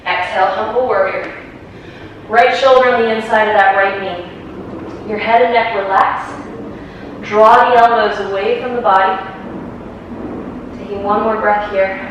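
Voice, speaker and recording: A woman leads a yoga class with calm, encouraging breath and pose cues, a little out of breath. She sounds some way from the mic, in a strongly echoing room. A faint hiss of ambience sits underneath. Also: mid-range voice, unhurried, pauses often, distant mic. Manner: calm, encouraging step-by-step cueing. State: slightly out of breath. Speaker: yoga instructor.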